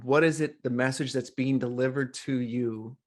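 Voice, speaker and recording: A middle-aged man, a coach, telling a story as a podcast guest in a lively, animated way. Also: mid-range voice, normal speed. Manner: animated storyteller, acts out quoted voices. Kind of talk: casual storytelling interview.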